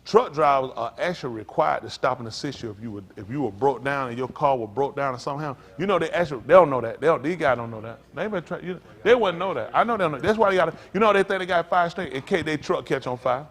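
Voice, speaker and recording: A middle-aged male pastor preaching to a congregation, rambling through folksy stories and jumping to loud emphasis. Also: fairly high pitch, animated, fast talker, hardly any pauses.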